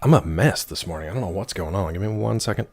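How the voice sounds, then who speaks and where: Streamer, male, 30s, lowish voice, scratchy throat, loose and joking talk. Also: lively intonation, fast talker, a little mellow. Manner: rambling, wry, reacts to chat messages. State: rough throat. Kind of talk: casual live-stream chat with viewers.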